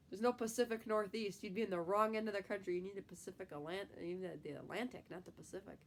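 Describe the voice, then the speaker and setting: This live-stream host is a young woman from the Midwest with a stuffy, cold-affected voice, casually rambling and using lots of fillers as she goes through viewer comments. Her mid-range voice has a Midwestern American accent, fairly even intonation, and a slightly quick pace, with a bit of background noise.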